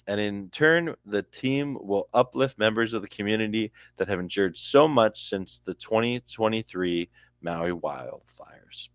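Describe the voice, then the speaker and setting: A man's voice: mid-range voice, no room sound, studio quality. A young man with a Canadian accent hosting a casual sports news video, reading an article aloud with chatty asides and stumbling over names.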